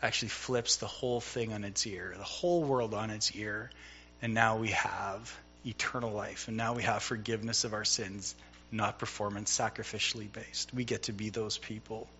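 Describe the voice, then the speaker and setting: A man's voice: on the low side, fairly even intonation, moderate pace, pushed and bright, lo-fi sound, slight background noise. A middle-aged man preaching a sermon in a conversational way, telling a personal story and acting out the dialogue. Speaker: pastor.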